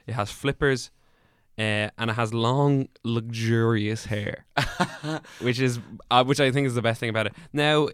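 A man's voice: medium pitch, a little slow, a bit bright, smooth, no room sound. A man co-hosting a podcast with dry humor, steering the talk back on track. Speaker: podcast co-host. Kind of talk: casual podcast chat.

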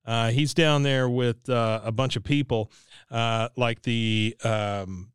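A man's voice: steady tone, slow pace, smooth, no room sound, clean studio sound. A man co-hosting a podcast, casually recapping a cartoon episode and acting out the characters' lines. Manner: retells scenes, acts out characters' lines in high voices. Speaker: podcast co-host.

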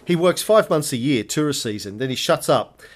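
Brief: male podcast co-host, animated storyteller, casual and profane, mid-pitched voice. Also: moderate pace. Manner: animated storyteller, swears freely. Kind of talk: casual chat, anecdote.

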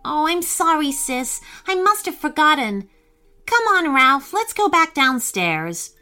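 Lady doing a jumpy little sis, high bright voice bouncing all over, quick to fret, soft music under. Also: sing-song, exaggerated voice. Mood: worried. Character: anxious eager little girl, younger sister. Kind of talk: storybook character voice.

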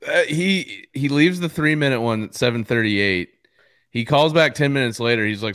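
A man's voice: mid-range voice, normal speed, a bit bright, no echo, clean studio sound. A man co-hosting a sports podcast, amused and chatty as he reacts to listener calls. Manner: amused, laughs easily while commenting. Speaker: podcast co-host. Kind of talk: casual sports podcast chat.

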